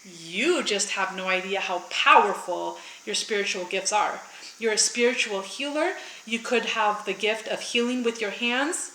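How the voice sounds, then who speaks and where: A woman's voice: a little high, pushed and bright, a little hiss or hum. A tearful woman giving an earnest spiritual tarot reading to viewers, repeating and reassuring as she goes. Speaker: tarot reader. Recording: echoey room.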